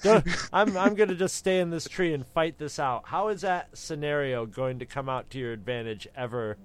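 A man's voice: on the high side, moderate pace. A man chatting casually in a movie commentary, telling rambling, profane stories and laughing often.

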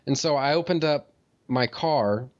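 A man in casual conversation tells a long story at a middling pitch, rambling through fillers and restarts and swearing freely. The recording sounds slightly dull and lo-fi. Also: unhurried. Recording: dull lo-fi audio.

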